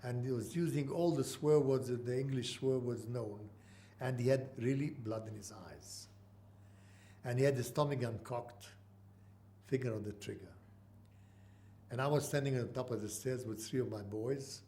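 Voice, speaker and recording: A man in his eighties from Mandatory Palestine, telling an oral history in halting speech with many pauses. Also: medium pitch, warm tone, slight background noise. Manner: halting, with frequent uh pauses and restarts. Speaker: interviewee.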